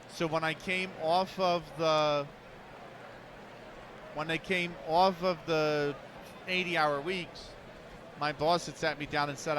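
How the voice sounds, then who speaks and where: Over a noisy background, a man with a voice on the high side, an esports commentator, tells a long story casually on a live stream. He rambles and restarts as he quotes other people.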